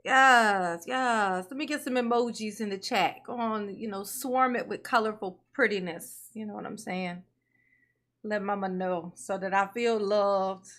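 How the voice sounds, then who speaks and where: A woman's voice: medium pitch, a little slow, fairly bright tone. A woman hosting a casual livestream, greeting her viewers by name, laughing often and calling them honey and baby. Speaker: livestream commentary host.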